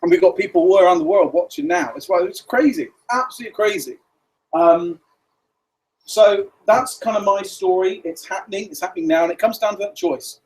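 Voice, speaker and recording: A man's voice: high voice, brisk, a little mellow, low-quality recording. A man giving a casual, rambling business presentation to a meeting room, with many fillers.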